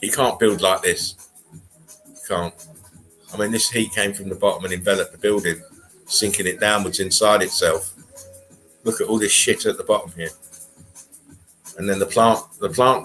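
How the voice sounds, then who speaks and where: Low-voiced blunt English man rambling. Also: moderate pace, pauses often, fairly bright tone, soft background music, low-quality recording. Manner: casual, swearing, blunt. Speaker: livestream host. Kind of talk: rambling live commentary.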